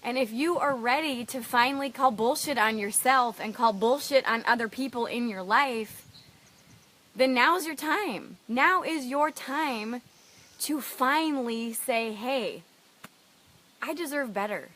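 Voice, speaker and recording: A woman's voice: a little high, a little slow, fairly bright tone. A middle-aged woman coach telling a personal story with emotional, emphatic earnestness and frank swearing. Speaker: life coach.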